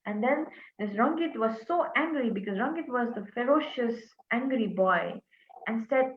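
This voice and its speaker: A woman telling a folk story in an earnest, animated way, pausing often with fillers. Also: a little high. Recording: tinny phone-like line.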